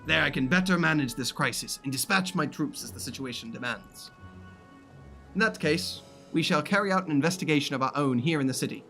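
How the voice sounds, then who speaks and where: A man's voice: a little high, fairly quick, pushed and bright, soft background music. A man reading as a formal young noble scholar. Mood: earnest. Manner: formal, slightly stiff read-aloud delivery.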